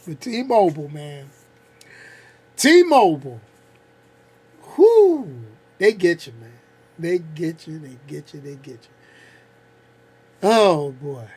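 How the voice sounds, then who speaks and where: A man's voice: a little high, slow, pauses often, slightly rough. A man in his fifties hosting a casual vlog, ranting bluntly with slang and frequent laughs. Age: 50s. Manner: animated, blunt, laughs a lot, uses slang. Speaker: channel host.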